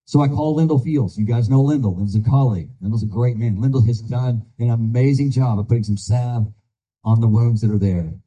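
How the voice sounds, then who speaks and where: A man's voice: medium pitch, a little fast, dark tone, husky, low-quality recording. An older man giving a folksy, earnest campaign speech, telling stories to a crowd of supporters. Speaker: political candidate.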